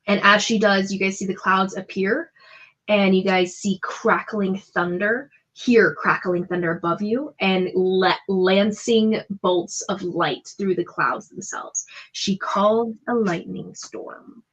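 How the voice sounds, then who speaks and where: A woman runs a tabletop game and narrates the scene in a loose, chatty way. Her voice sits at a middle pitch and leans on plenty of fillers. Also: fairly even intonation, takes it slowly, fairly bright tone, highs cut off. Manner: descriptive, chatty, full of fillers. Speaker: game master.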